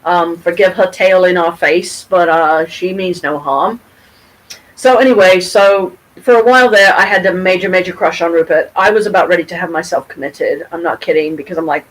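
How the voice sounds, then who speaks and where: A middle-aged woman from Michigan telling a story to her camera at home, rambling and animated, with frequent restarts and casual swearing. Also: fairly low pitch, moderate pace, poor audio. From Pontiac, Michigan, USA. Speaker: vlogger. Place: at home, with her cat nearby.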